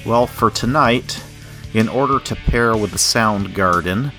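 A man's voice: lowish voice, unhurried, bright, forceful tone, faint music behind. A man co-hosting a casual podcast, presenting a whiskey and reading its tasting notes in a dry manner.

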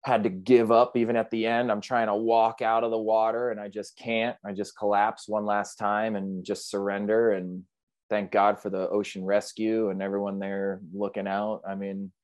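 Low-voiced man retelling with earnest feeling. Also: little pitch movement, moderate pace, a little mellow, no echo. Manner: vivid, earnest, reflective retelling. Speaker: podcast guest, big wave surfer. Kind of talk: emotional storytelling in an interview.

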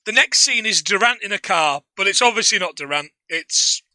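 A man co-hosting a casual film review chat, animated and jokey, laughing often. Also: high-pitched, normal speed, no room sound, rough recording. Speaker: podcast co-host.

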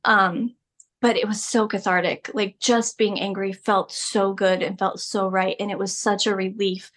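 A woman's voice: medium pitch, level tone, measured pace, fairly bright tone. Candid, emphatic woman telling her story. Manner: candid and emphatic, laughs often. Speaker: podcast guest. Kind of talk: personal storytelling interview.

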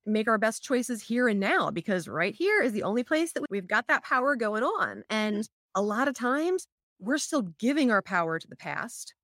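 A woman's voice: on the high side, very animated, normal speed, fairly bright tone, no echo, clean studio sound. A middle-aged woman, an EFT practitioner, chatting casually and telling stories with lots of "like" fillers. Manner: chatty, many "like" fillers, storytelling. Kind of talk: casual explanatory chat.

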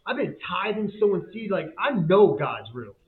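A man's voice: sits high, sing-song, moderate pace. Man, guest, fervent faith testimony, casual slang, repeats himself, thin phone-like sound. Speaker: guest, business owner. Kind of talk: emotional faith testimony storytelling. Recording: tinny phone-like line.

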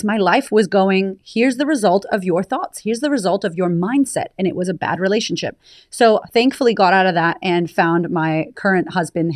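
Her voice is on the low side, captured in clean studio sound with no echo, as this American confidence coach speaks candidly and emphatically about her story as a podcast interview guest.

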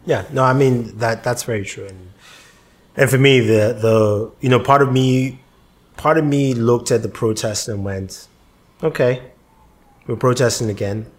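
A man who spent time in Nigeria, talking in a measured, reflective way in a casual conversation. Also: mid-range voice. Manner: measured, reflective, sometimes deadpan.

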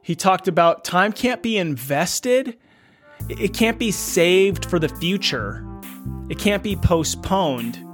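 A man's voice: sits high, expressive, slow pace, a bit bright, soft background music. A middle-aged man hosting a solo podcast, thinking aloud in an earnest, questioning way. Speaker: podcast host. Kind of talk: reflective solo podcast monologue.

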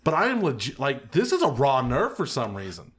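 A man's voice: mid-range voice, wildly swooping pitch, a little fast, a bit bright, husky. A middle-aged man co-hosting a podcast, chatting casually and ranting with lots of swearing and exasperation. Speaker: podcast co-host. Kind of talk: casual chat.

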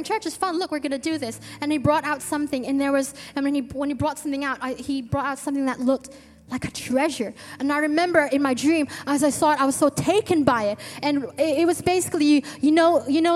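A woman preaching a sermon to her church, telling an earnest story with eager restarts. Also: sits high. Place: church hall. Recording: long reverb with faint music.

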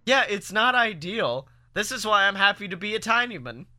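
A man's voice: sits high, sing-song, moderate pace, pushed and bright. A man co-hosting a comedy podcast, playful and theatrical, slipping into goofy announcer bits. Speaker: podcast co-host. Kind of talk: casual comedic banter.

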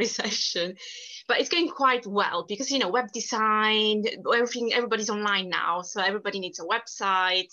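A woman's voice: medium pitch, sharp tone. A middle-aged woman from Sicily with a strong Italian accent, talking animatedly as an interview guest. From Sicily, Italy. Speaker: guest, company founder. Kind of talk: casual interview. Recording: dull lo-fi sound.

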